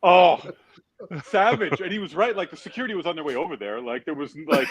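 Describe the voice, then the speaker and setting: A man with a somewhat high voice tells stories from his years as a casino dealer, swinging his pitch widely as he acts out each line he quotes. It is a casual podcast chat, full of laughs. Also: sing-song, fast talker, slightly rough.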